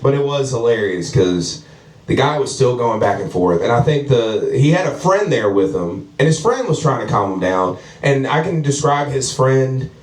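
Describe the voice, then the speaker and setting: A man performing profane, animated stand-up storytelling at a house comedy show, acting out the people in his story. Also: mid-range voice, moderate pace. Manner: animated, profane, acts out characters. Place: house party comedy show with live audience. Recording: echoey room, distant mic, audience laughter.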